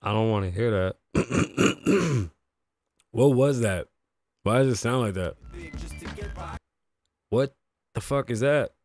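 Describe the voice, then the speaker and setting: A man's voice: mid-range voice, takes it slowly, long pauses, darkish tone, dry recording, soft background music. A man hosting his own livestream podcast, talking loosely to chat and to himself, swearing often, his voice worn and shot. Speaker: podcast host. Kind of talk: casual livestream talk.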